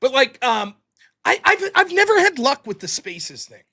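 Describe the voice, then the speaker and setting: Bright high-voiced joking man. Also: sing-song, normal speed. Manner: joking, self-deprecating. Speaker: guest. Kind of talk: casual chat.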